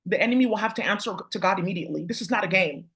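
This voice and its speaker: Casting: woman vlogger, mid-pitched voice, rambling, profane, confrontational. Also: very fast, a bit bright. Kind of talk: casual spiritual rant to viewers.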